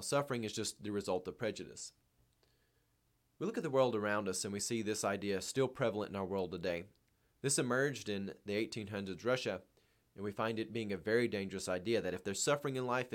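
A man reading a novel aloud and then lecturing on it in an earnest, emphatic way. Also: lowish voice. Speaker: reader and commentator.

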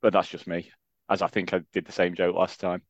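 A man's voice: low voice, completely flat delivery, a little fast, no room sound. A man co-hosting a podcast, chatting casually with dry, self-mocking humour. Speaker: podcast co-host. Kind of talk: casual chat. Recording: slightly dull, lo-fi sound.

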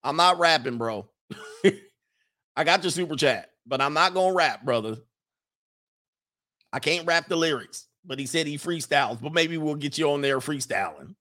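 A man hosting a casual livestream, reading viewer messages aloud and answering in an animated, joking way. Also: a little high, normal speed, long pauses. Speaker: livestream host reading super chats.

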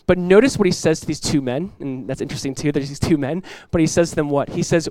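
In church, a male pastor preaches with animation, switching between quick asides and acted-out voices from the story, and laughing along the way. His voice is a little high for a man, and the sound is dry and close with no echo.

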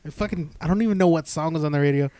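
A man's voice: a little high, rapid-fire, heavy background noise. A man telling rambling, heavily sworn stories in casual chat. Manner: rambling storyteller, swearing heavily.

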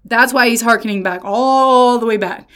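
A woman giving a casual Bible lesson, retelling stories in lively slang with playful voices. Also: on the high side, moderate pace. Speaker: Bible teacher.

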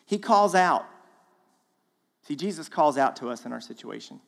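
Animated man preaching in a reverberant hall. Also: fairly high pitch, moderate pace, gravelly. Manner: animated, casual preaching with slang, acts out quoted voices. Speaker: guest speaker. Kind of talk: sermon. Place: church auditorium.

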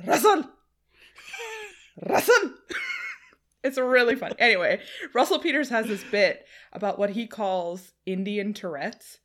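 A young woman co-hosting a podcast, an animated storyteller who mimics voices and laughs often. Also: medium pitch, moderate pace, few pauses, slight background noise. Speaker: podcast co-host. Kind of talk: casual chat.

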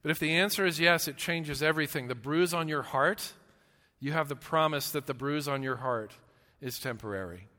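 A pastor delivers an earnest sermon in a bright, forceful man's voice pitched a little high. He stumbles and restarts often, rising to loud emphasis, then dropping to slow, hushed lines. Long reverb from a church hall trails behind each phrase. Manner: earnest, with repeated restarts and stammers.

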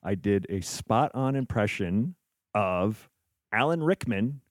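A man's voice: fairly low pitch, expressive, slow pace, no room sound, clean studio sound. A young man hosting a podcast, chatting casually and laughing often at his own expense. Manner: laughs often, self-mocking. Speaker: podcast host. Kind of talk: casual chat. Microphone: podcast microphone.

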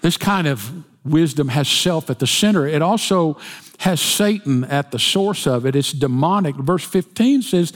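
A preacher with a fairly high voice, telling folksy stories and jokes in his sermon. His voice carries a long reverb from a church hall. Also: expressive, unhurried. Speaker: pastor.

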